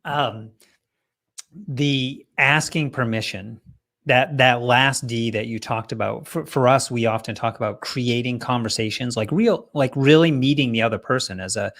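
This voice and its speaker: A man hosting an interview, speaking in a measured, appreciative way and thinking aloud as he frames his questions. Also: mid-range voice, fairly bright tone. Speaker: host and interviewer. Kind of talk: interview conversation.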